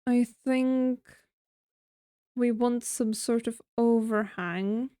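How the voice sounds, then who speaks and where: A woman streamer talks through her building in an unhurried, leisurely way, musing out loud and teasing herself. Her voice sits a little high, and the sound is close and dry, with no room in it. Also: steady tone, clear, resonant tone, dry recording. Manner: chatty, self-mocking, thinking aloud while building. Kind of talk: casual gameplay commentary.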